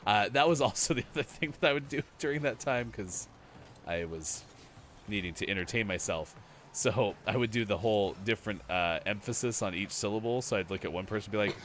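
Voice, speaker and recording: A man's voice: fairly low pitch, quick pace, a little hiss or hum. A man co-hosting a morning gaming show, chatting casually while playing and reading out comments with lots of laughter. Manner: animated, laughing, reads out chat comments.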